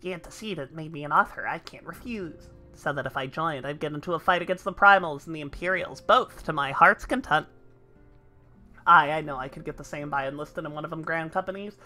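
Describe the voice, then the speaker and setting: A fight-hungry adventurer speaks in a lowered, blunt and folksy voice, as a woman puts him on. The tone is bright, with faint game music underneath. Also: fairly quick. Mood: gruff. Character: gruff brawling adventurer who loves a fight.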